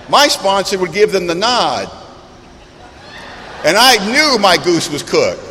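A high-voiced man tells humorous yet earnest stories to a recovery meeting. His voice carries a long hall reverb, with faint background noise underneath. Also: pushed and bright. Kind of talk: storytelling talk to a meeting.

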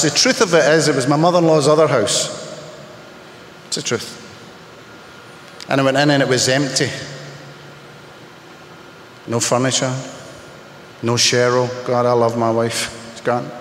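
A man sharing his personal story in a candid, emotional, halting way, speaking as a testimony to a gathered audience. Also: mid-range voice, steady tone, a bit bright, a little hiss or hum. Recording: echoey hall with long reverb.

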